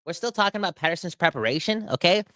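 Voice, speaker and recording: Man, podcast host, ranting sports commentary, emphatic, slightly high voice, dry close sound. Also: fast, no room sound. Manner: animated, emphatic, exasperated.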